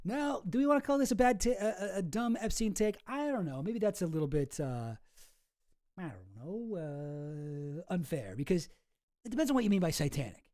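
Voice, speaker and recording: A man's voice: sits high, animated, normal speed, a little mellow, dry recording, clean studio sound. A man streaming, casually reacting to clips with sarcastic, rambling commentary and many restarts.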